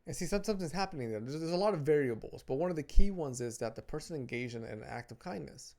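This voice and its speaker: A man's voice: on the high side, expressive, quick pace, darkish tone. A man talking earnestly to camera about relationships, giving advice from his notes and often repeating and restarting phrases. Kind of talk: casual advice talk to camera.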